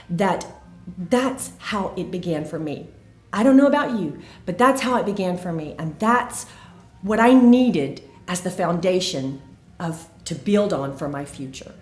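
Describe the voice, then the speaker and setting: A woman's voice: lowish voice, darkish tone. A woman telling a personal faith testimony in an earnest, emphatic way, recorded in an echoey room. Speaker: faith video host.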